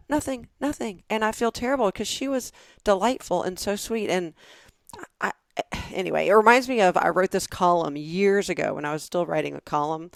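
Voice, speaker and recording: A middle-aged woman from the southern United States co-hosting a podcast, telling stories in a lively chatty way and acting out the voices she quotes. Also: on the low side, gravelly, dry recording. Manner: animated storyteller, acts out quoted voices. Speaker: podcast co-host. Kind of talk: casual chat.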